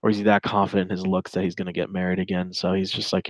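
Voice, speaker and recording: Man, twenties, low voice, rambling sarcastic commentary, dry close sound. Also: flat delivery, very fast, no room sound, poor audio. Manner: rambling, chatty, sarcastic asides. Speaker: commentator reading a chat log. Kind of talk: casual reaction commentary.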